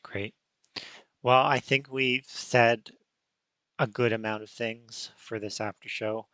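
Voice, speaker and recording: A male podcast host who is losing his voice, talking in a halting way with many restarts. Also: medium pitch, fairly even intonation, a bit bright, smooth, no echo. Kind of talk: casual unscripted chat.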